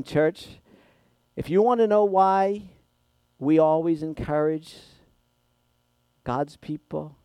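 A man preaching a sermon as pastor, with dynamic delivery that swings from hushed, intimate passages to loud, impassioned ones. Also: on the high side, no echo.

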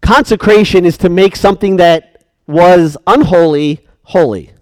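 Preacher guy with a high voice, really dry close sound, punchy sermon delivery. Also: a little slow, no echo. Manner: emphatic, asks the congregation rhetorical questions.

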